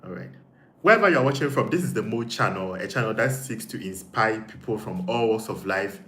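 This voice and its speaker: A man's voice: lowish voice, animated, fairly quick, fairly bright tone. A man with a Ghanaian accent hosting a casual live stream, reading viewer comments and thinking aloud with frequent repeats. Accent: Ghanaian English. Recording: echoey room with faint noise.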